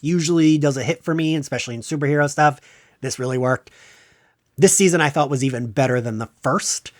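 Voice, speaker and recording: A man hosting a podcast, counting down his favorite shows of the year in a casual, gushing, enthusiastic way. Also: fairly quick. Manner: gushing, enthusiastic fan talk with excited jumps in pitch. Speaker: podcast host. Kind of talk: casual pop-culture countdown monologue.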